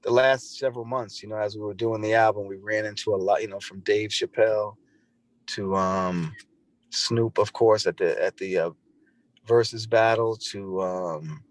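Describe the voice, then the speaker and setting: A man's voice: lowish voice, steady tone, normal speed. A man appearing as a podcast guest, earnestly telling a personal story and often restarting his phrases. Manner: earnest, repeats and restarts phrases while recounting. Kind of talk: conversational storytelling.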